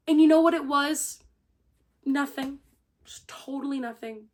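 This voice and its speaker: With a high voice, an unhurried pace and long pauses, a young woman reviews a book casually and spoils the plot. She gushes, performs the characters' dialogue, and fills her talk with "like".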